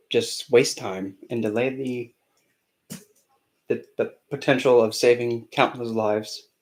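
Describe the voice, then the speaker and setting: A man's voice: medium pitch, poor audio. A man channeling a spirit on a live stream, talking in a sassy, scolding way and calling listeners honey.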